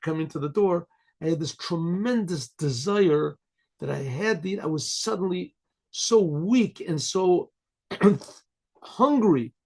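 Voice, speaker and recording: An older man, a rabbi, telling a story to listeners, often clearing his throat and acting out the voices of the people in it. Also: sits high, darkish tone. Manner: frequent throat clearing, acts out quoted voices. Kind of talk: storytelling talk.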